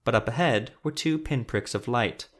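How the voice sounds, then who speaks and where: A man narrating a fantasy story in a measured, steady reading voice. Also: mid-range voice.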